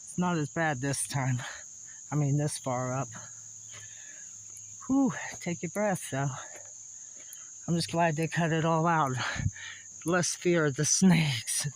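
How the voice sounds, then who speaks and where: A man's voice: a little high, slow, long pauses, rough recording. A man, out of breath as he climbs a wooded hillside, chatting folksily to his camera and laughing between gasps. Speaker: vlogger exploring old sites. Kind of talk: casual on-camera narration while hiking. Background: insects and crickets.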